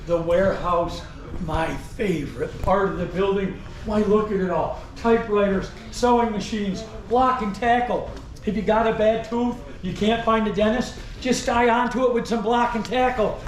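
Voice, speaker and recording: Among visitors in an indoor store museum, a costumed guide delivers his tour as a flamboyant old-time salesman, poking fun at the group and speaking right to them. His voice is high-pitched and moderately paced, captured in an echoey room with faint background noise.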